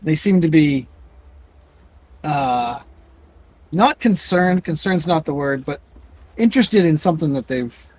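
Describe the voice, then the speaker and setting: A man's voice: a little high, animated, measured pace, long pauses, a little mellow. A man narrating as game master of a tabletop game, rambling with frequent restarts.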